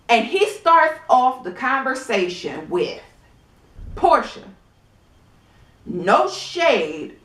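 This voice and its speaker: A woman giving a casual, sassy TV episode review in a blunt, animated way, often laughing. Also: mid-range voice. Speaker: reality TV recap vlogger. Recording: echoey room.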